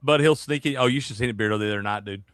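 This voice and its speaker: A man's voice: medium pitch, rapid-fire, clear, resonant tone. A man hosting a casual sports betting chat, rowdy and profane, teasing his co-hosts. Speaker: sports show host.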